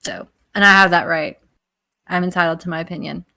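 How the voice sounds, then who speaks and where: A woman's voice: fairly low pitch, fairly even intonation, brisk, vocal fry, sharp tone. Exasperated, sarcastic American woman. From United States. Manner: exasperated, sarcastic, swears freely. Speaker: guest on a stream. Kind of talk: casual chat.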